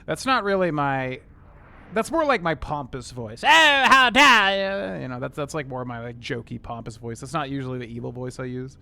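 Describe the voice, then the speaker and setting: A man's voice: mid-range voice, a little fast, creaky, fairly bright tone, a little hiss or hum. A young man casually chatting with viewers while streaming a game, rambling with many fillers. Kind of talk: casual gameplay commentary.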